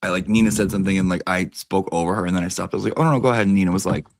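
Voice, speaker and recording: A man's voice: low-pitched, fairly even intonation, very fast, a little mellow. A man telling a rambling anecdote in a casual manner, full of "like". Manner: rambling, heavy use of "like". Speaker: comedy storyteller.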